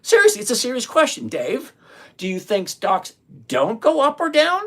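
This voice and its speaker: On a live investing stream, an older retired host chats casually with viewers, reading their comments aloud and answering with blunt sarcasm, often repeating phrases for emphasis. The voice sits high and fairly bright, with wildly swooping pitch, at normal speed.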